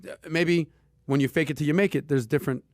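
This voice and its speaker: A man hosting a casual personal finance podcast, talking with punchy emphasis and lively asides. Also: fairly high pitch, fast talker, no room sound, studio quality. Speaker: podcast host.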